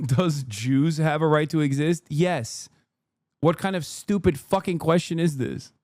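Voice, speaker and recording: A man streaming live, talking back at a clip in a heated, sarcastic way with plenty of swearing. His voice sits a little high and sounds close and dry, with no room around it. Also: unhurried, darkish tone, no echo. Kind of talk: casual live-stream commentary.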